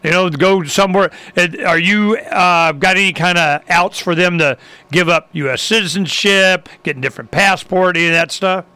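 Excitable high-voiced male podcast host. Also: moderate pace, clear, resonant tone, no room sound. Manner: animated, riffing and exclaiming. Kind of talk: casual chat.

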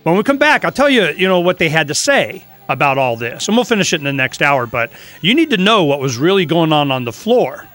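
A man from Florida hosting a talk radio show, telling stories in a rambling, animated way. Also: a little high, brisk, hardly any pauses, soft background music.

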